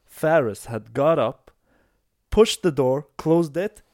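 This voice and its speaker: A podcast host tells a story in casual chat, animatedly acting out the people in it and giving quoted voices a high pitch. He speaks at a slow pace. The sound is clean studio audio with no echo.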